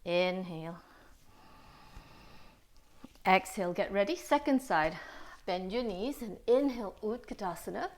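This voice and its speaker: A woman yoga teacher guiding a class through poses and breaths, calm and steady, a little out of breath. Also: medium pitch, measured pace, long pauses. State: slightly out of breath. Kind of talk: guided yoga class instruction.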